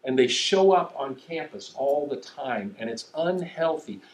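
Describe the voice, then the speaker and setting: A middle-aged man preaching a sermon, telling stories in an animated, self-mocking way. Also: medium pitch, measured pace, reverberant, a little hiss or hum, rough recording. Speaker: pastor.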